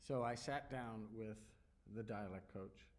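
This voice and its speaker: A middle-aged man, an actor, answering audience questions on stage with animated, self-deprecating storytelling. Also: lowish voice, a little slow. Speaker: actor at festival Q&A. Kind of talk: onstage Q&A answers.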